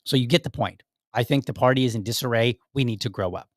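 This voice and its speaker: Rambling, animated man podcasting. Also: medium pitch, fast talker, dry recording, studio quality. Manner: rambling and animated, with frequent restarts and acted-out quotes. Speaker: podcast host. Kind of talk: casual political commentary.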